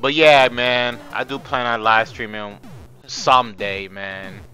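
A young man giving chatty, excitable gameplay commentary as host, talking to viewers and swearing, a bit hoarse from screaming. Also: medium pitch, takes it slowly, faint music behind. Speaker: gaming channel host.

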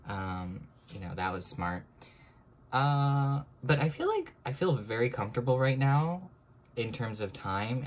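A young man chatting casually to viewers as he draws, self-mocking, now and then breaking into high excited exclamations. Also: slight background noise. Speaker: drawing vlogger. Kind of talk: casual chat while drawing.

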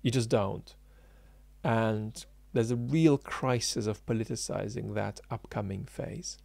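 A man's voice: fairly low pitch, unhurried, gravelly, darkish tone, no echo. A man giving unscripted political commentary, emphatic and argumentative, thinking aloud with frequent ums and restarts.

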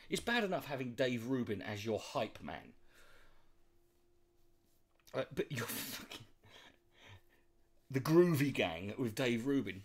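A man ranting sarcastically and mocking the clips he reacts to. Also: a little high. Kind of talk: sweary comedic rant.

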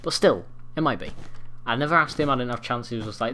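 A man's voice: medium pitch, quick pace, slight background noise. Ranting, swearing young gamer guy. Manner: swears a lot, rambling, bursts into angry yelling. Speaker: gaming commentator. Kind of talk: live gameplay commentary. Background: faint keyboard clicks and typing.

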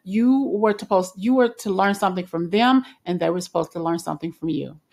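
A woman's voice: lowish voice, brisk, gravelly, a little mellow. A woman giving a casual spoken tarot reading in a chatty, reassuring way, with frequent fillers and restarts. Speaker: tarot reader.

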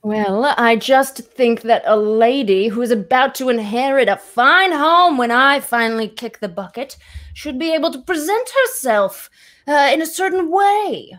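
A woman's voice: high-pitched, animated, a little slow, fairly bright tone, voice pushed up. A woman voicing a bedridden old grandmother who fusses, grumbles and demands a stiff drink. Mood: grumbling. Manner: grumbling, demanding, morbid jokes.

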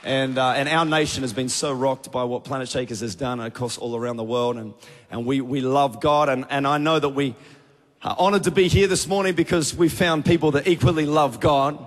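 A man's voice: mid-range voice, a little fast, a faint crowd. A man with an Australian accent, a youth pastor preaching and leading prayer with energy. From Australia (Tasmania). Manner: energetic, rising to fervent prayer. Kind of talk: sermon with prayer. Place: large church auditorium. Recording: big church hall reverb.

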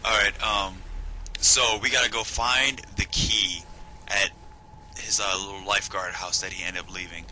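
A man's voice: fairly even intonation, normal speed, pushed and bright, slight background noise. Joking, swearing man commenting on a game. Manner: joking, swearing, bursts into high shrieking voices. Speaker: gameplay commentator. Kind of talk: casual let's-play commentary.

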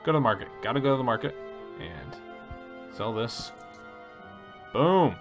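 A man with a gravelly, creaky voice hosts a laid-back let's play, reading the game's story text aloud and then musing over his choices. His pitch rises and falls a lot as he talks, and soft music plays faintly behind him. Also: normal speed. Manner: relaxed, reads story text then chats about choices. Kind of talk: casual gameplay commentary reading game text aloud.

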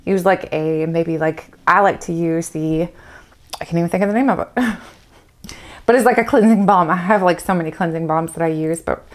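Chatty lady doing a skincare sample review, kinda low voice, lots of "like". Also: normal speed. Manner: chatty, candid, frequent "like" fillers. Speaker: beauty vlogger reviewing samples. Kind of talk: casual product review.

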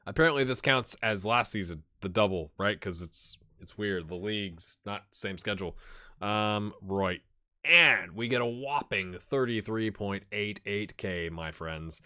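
Bright-voiced man chatting over a game. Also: fairly low pitch, measured pace. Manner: chatty, rambling, talks to the viewers. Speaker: gaming channel host. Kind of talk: casual let's-play commentary.

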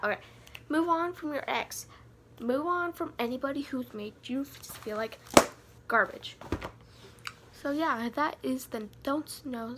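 A woman's voice: high voice, a little hiss or hum. A teenage girl giving rambling, self-mocking advice in a casual vlog, giddy from too much sugar. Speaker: vlogger.

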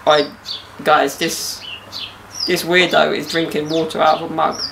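A man's voice: a little high, little pitch movement, measured pace, gravelly, background noise. A young man hosting a casual podcast outdoors in a garden, bantering and joking with slang. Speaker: podcast host.

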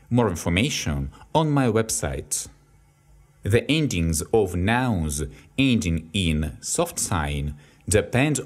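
A native Russian tutor with a Russian accent works through a vocabulary lesson at a slow, deliberate pace. He reads each word, then an example sentence, then its translation. His pitch rises and falls in a lively way.

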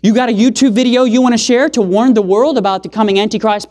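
A man preaching a sermon in a church, emphatic and pausing to throw rhetorical questions at the audience. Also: fairly even intonation. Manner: swings pitch and loudness for emphasis. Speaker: evangelist preacher.

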